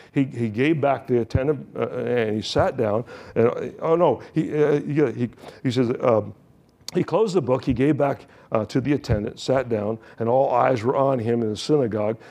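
A pastor preaching a sermon, reading scripture and retelling it with joking asides. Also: male voice, medium pitch, moderate pace, a little mellow.

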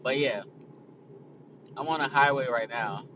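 A man's voice: mid-range voice, unhurried, recorded from a distance, lo-fi sound, slight background noise. A young man talking casually as a podcast host, blunt and profane, rambling from a moving car. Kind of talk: casual chat. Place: in a car on a highway.

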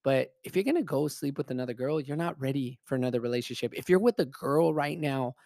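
A man's voice: mid-range voice, quick pace, gravelly, darkish tone, dry recording. Man, mid-range voice, casual and emphatic storyteller who swears freely, dry close recording. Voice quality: profane, blunt and emphatic.

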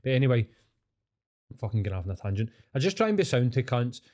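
A man's voice: medium pitch, sing-song, quick pace, darkish tone. A man with a Scottish accent chatting casually and swearing freely, telling long rambling stories. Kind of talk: casual chat.

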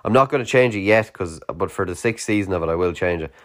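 A young Irish man with a very low, deep voice hosts a late-night solo podcast, talking fast and rambling loosely with plenty of "like" and casual swearing. He sounds tired and yawns now and then.

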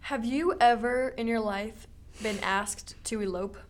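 A woman's voice: fairly high pitch, measured pace, a little hiss or hum. Chatty young woman co-host. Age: young adult. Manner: chatty, says "like" often. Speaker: podcast co-host. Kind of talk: casual chat.

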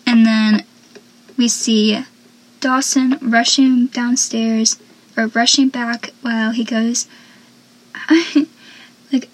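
Young woman, high voice, chatty recap commentary, laughs a lot, lively asides. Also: slow, poor audio. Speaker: vlogger recapping a TV episode.

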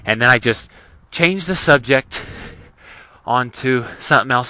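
A man's voice: medium pitch, fairly quick, pushed and bright, no echo. A man hosting a podcast, telling a personal story in an earnest, casual way with many restarts. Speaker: podcast host. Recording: dull lo-fi recording.

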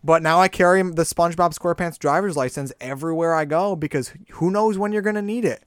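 A young man with a slightly higher voice tells a story in a dry, close recording. He is animated and swears freely, and he acts out the voices of the people he quotes in casual chat. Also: fast, clean tone, dry recording.

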